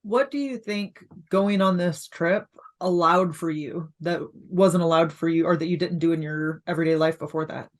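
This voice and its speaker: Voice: mid-range voice, normal speed, hardly any pauses. A podcast host asking short, curious follow-up questions. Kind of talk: interview questions.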